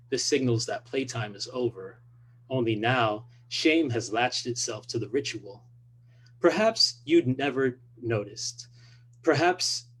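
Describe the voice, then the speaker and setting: Male author, mid-pitched voice, measured deliberate reading of his own prose, light hum in background. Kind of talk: literary reading aloud.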